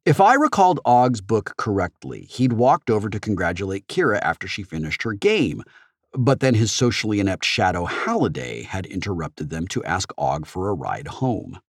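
A man narrating an audiobook in the first person with expressive storytelling. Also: fairly low pitch, moderate pace, no room sound, studio quality.

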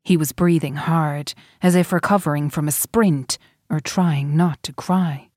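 Woman reading a novel aloud, slow steady delivery, lowish voice, dry close sound. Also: no room sound. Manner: even, deliberate storytelling. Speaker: audiobook narrator. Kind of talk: scripted narration.

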